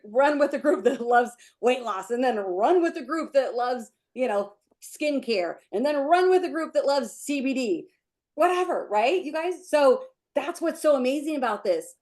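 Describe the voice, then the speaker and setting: A woman leading a team meeting on a video call, giving an emotional, gushing motivational pep talk. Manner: gushing, emotional, breaks into high excited chants. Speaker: team leader hosting a sales meeting.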